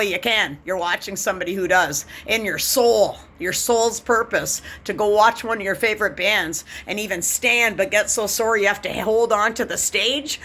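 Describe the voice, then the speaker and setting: Woman from Canada, bright tense voice, angry swearing rant, vlog monologue. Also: medium pitch. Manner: bitter, profane ranting. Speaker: vlogger.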